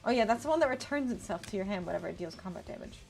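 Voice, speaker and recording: A woman's voice: medium pitch, lively intonation, rapid-fire, vocal fry, darkish tone. A woman in her twenties chatting casually on a livestream, reading card text aloud and answering her chat. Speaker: streamer. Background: faint background music.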